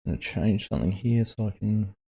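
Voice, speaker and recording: Aussie bloke live streaming a farm game, low mellow voice, says g'day to everyone in chat. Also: male voice, lively intonation, fast talker, gravelly, breathy edge. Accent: Australian. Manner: greets chat viewers by name while playing. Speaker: gaming streamer host.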